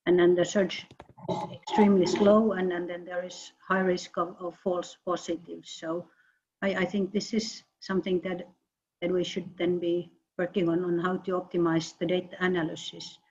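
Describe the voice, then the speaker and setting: A woman researcher answering questions in an online meeting, halting and often repeating words. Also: lowish voice, flat delivery, darkish tone. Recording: muffled video-call audio.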